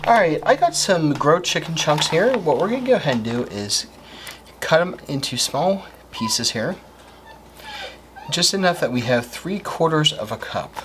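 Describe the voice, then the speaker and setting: A man's voice: a little high, sing-song, normal speed, noisy background. Upbeat man hosting a baking show. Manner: upbeat, chatty, explains steps as he works. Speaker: cooking show host. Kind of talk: casual cooking demonstration. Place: home kitchen.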